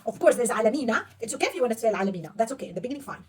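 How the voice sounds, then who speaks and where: A woman's voice: on the high side, expressive, racing, recorded from a distance, slight background noise. A woman teaching a young pupil to read Arabic, patiently quizzing her and praising right answers. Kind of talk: one-on-one reading lesson.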